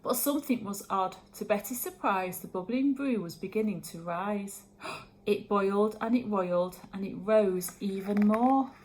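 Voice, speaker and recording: A woman's voice: mid-range voice, a little slow, darkish tone, slight background noise. A woman reading a rhyming children's picture book aloud expressively, adding her own comments. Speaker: storyteller.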